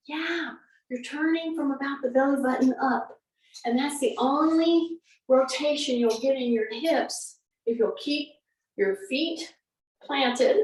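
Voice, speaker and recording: High-voiced woman coaching exercise. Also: fairly bright tone, far from the mic. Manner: coaching, counting cues and repeating instructions. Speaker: fitness instructor. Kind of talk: guided exercise class. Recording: echoey room, away from the mic.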